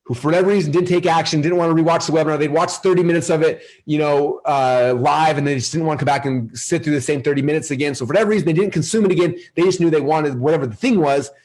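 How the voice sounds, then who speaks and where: An energetic man hosting a live marketing webinar, pitching ideas and checking in with his audience. His voice sits a bit high and slightly husky, and he rattles through points at a rapid clip. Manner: energetic, salesy, asks the audience questions. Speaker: webinar presenter.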